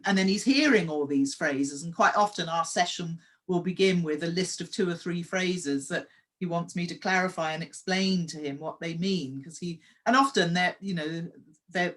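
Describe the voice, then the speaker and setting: A woman's voice: fairly low pitch, fairly bright tone. A woman hosting a conversation, affirming her guest and sharing her own stories. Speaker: host and story coach. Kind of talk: casual interview conversation.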